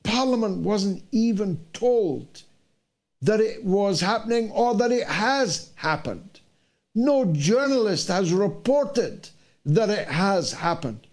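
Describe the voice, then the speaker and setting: Slow, high-voiced older indignant host. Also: male voice, expressive, darkish tone. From United Kingdom. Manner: indignant, rhetorical questioning. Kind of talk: talk show monologue.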